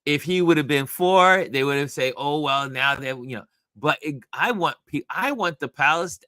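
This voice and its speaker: A man from New York hosting a casual talk show, telling a story in an animated way with many restarts. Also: fairly high pitch, moderate pace, few pauses, dry recording, studio quality. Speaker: host.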